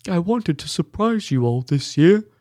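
A man's voice: fairly high pitch, sing-song, measured pace, a little mellow, no room sound, studio quality, voice pushed up. A man voicing a stout, tearful middle-aged toymaker who talks in a choked, sobbing way.

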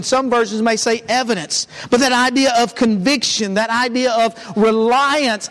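A man's voice: extremely high pitch, fairly quick, few pauses, a bit bright. A man preaching a sermon in a church, in an earnest, conversational way with frequent restarts.

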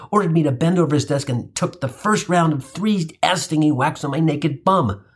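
A man hosting a podcast, telling a comic story full of profanity with lively comic timing. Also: medium pitch, slightly rough. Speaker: podcast host. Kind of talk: comedic storytelling narration.

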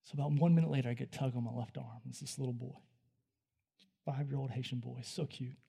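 A man preaching a sermon, telling a story in a conversational way that moves between hushed, quiet passages and loud, excited ones. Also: medium pitch, fast, creaky, slightly rough.

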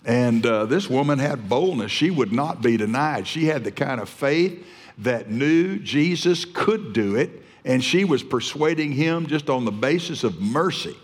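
A man's voice: medium pitch, animated, unhurried, slightly rough. A man preaching a fervent, emphatic sermon, often restarting his phrases. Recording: long hall reverb.

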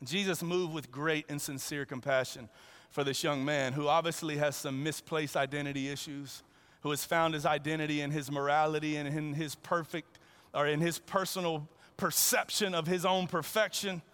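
A male preacher giving an animated, conversational sermon and acting out the dialogue as he goes. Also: on the high side, moderate pace, clear, resonant tone. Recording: long reverb in a large hall.

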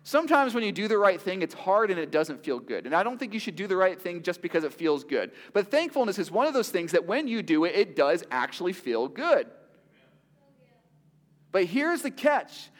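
A pastor preaches in a conversational way, leaning on rhetorical questions. His voice sits high for a man and moves with lively swings in pitch. The sound carries a long reverb from a big hall. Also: moderate pace. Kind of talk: sermon.

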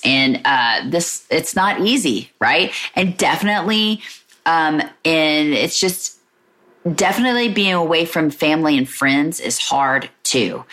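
A woman's voice: deep voice, fairly bright tone. A woman hosting her own podcast, talking alone in a candid, searching way and often saying "like" and "you know". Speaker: podcast host. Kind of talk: reflective solo podcast talk.

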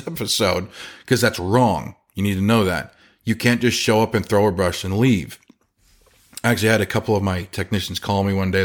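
A man who runs a chimney sweep company, talking casually on a podcast and acting out the people in his stories. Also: lowish voice. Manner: animated storyteller, acts out quotes.

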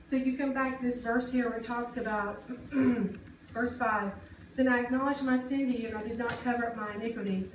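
A woman's voice: on the high side, steady tone, brisk, slight background noise. A woman preaching a sermon, earnest and conversational, often asking the congregation questions. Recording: echoey hall, mic at a distance.

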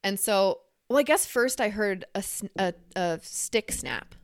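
A young adult woman co-hosting a podcast, reading a scary story and then chatting, with animated, halting storytelling full of fillers. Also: medium pitch, clear, resonant tone, no room sound, clean studio sound. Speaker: podcast co-host. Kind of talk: casual chat and story reading.

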